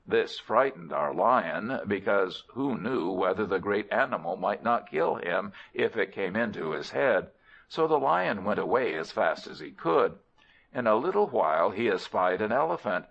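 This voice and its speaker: A man reading an audiobook story aloud in an expressive, animated way. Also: lowish voice, moderate pace, vocal fry. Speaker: audiobook narrator. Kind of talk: storybook narration. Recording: dull lo-fi recording.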